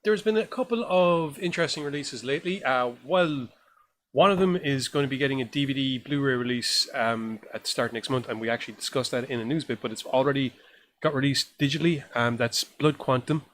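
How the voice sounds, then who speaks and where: Deadpan, dry-witted podcast co-host man. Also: medium pitch, fairly quick, slight background noise. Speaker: podcast co-host, film reviewer. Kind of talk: casual chat.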